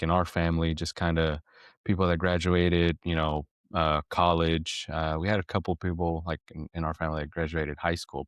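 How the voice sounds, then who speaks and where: A man with a deep, low voice co-hosts a parenting podcast, telling a family story in a casual chat. He rambles and restarts often, his tone turning reflective. The recording is dry and close, with no echo or room around it.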